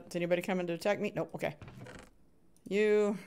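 A woman's voice: fairly low pitch, fairly even intonation, fast talker, a little mellow, slight background noise. A woman streaming a game live, chatting with viewers, cheering on other players and humming little sound effects as she plays. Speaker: gaming streamer. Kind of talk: live Minecraft stream commentary.

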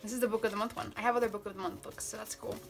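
A young woman vlogging as she unboxes gifts, chatty and gushing with excitement. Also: mid-range voice, very fast. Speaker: book vlogger. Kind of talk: casual unboxing vlog.

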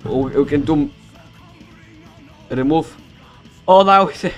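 Young Balkan male streamer, brash and profane, slightly high voice over background guitar music. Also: slow, lo-fi sound. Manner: boastful, swearing, joking to himself. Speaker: streamer playing a strategy game. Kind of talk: casual gaming commentary. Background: loud background music.

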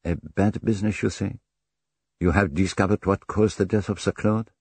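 A man's voice: deep voice, fairly even intonation, normal speed, a little mellow, breathy edge, no echo, pitched above the performer's own voice. A man voicing a shrewd older male detective in an audiobook, asking probing questions.

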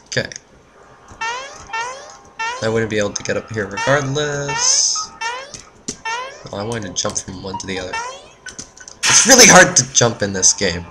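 A woman's voice: rumbling low, huge pitch swings, measured pace, pauses often. A woman giving let's-play commentary on a game, easily frustrated, cursing and talking back at the enemies. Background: game music.

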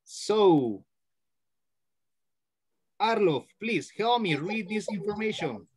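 A teacher leads a class over a video call, patient and methodical, echoing each word back to stress it. The pitch swings widely, rising and falling with every prompt, and sits in a middle register. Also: sing-song, slow, a little mellow, breathy edge. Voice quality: patient, repeats words to correct and stress them. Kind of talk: online class instruction.

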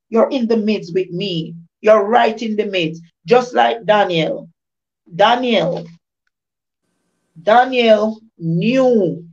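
A woman with a mid-range, somewhat dark voice shares an informal devotional testimony, repeating phrases in the emphatic rhythm of a preacher. The recording is dull and lo-fi.

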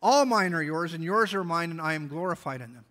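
A man's voice: on the high side, expressive, a little fast, a bit bright. A man pastor preaching a sermon, reading scripture aloud and explaining it earnestly. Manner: earnest Bible exposition, reading scripture aloud with small restarts.

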